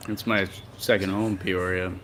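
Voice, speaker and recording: A man in a casual chat who talks in a slow, easygoing way. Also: deep voice, flat delivery, fairly bright tone.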